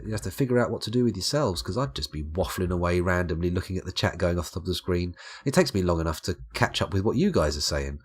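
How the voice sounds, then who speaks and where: A man's voice: deep voice, husky. A tired young man, rambling and self-mocking as he chats to viewers on a late-night game stream.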